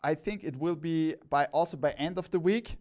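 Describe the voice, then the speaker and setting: An excitable man hosts a live stream showing off products, his voice pitched a little higher than most men's. He rambles with enthusiasm, piling up praise and repeating himself as he goes from one item to the next. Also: moderate pace. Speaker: cap store host.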